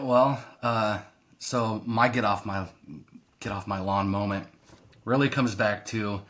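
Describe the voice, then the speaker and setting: A man who coaches youth sports, a podcast guest in casual chat, telling stories in an animated, exasperated way. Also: fairly low pitch. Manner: animated storytelling, exasperated rants.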